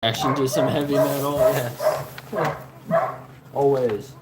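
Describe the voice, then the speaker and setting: A man's voice: steady tone, takes it slowly, heavy background noise. A man talking casually to his dog and her puppies at home, coaxing and playful. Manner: coaxing, playful, talks to the dog in a high baby voice at times. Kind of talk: casual talk to pets.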